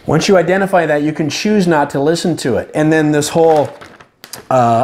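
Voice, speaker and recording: A man giving calm, earnest, reflective advice to camera as a self-help vlogger, with slow emphatic phrases. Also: a little high. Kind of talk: casual reflective talk to camera.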